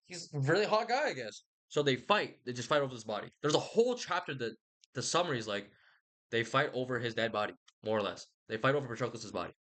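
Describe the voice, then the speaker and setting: Young male host, casual slangy rambler, bright tone, lively pitch. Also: quick pace. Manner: rambling, animated, slangy, profane. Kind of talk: casual rambling book chat.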